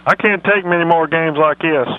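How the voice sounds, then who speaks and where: A man putting on a dim, rambling, folksy old football coach, talking slowly on a phone-in. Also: on the high side, no echo, narrow, tinny audio, close to an everyday voice. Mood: folksy, proud. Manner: slow, meandering, folksy drawl. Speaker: comedy phone-in character. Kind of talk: radio comedy impression.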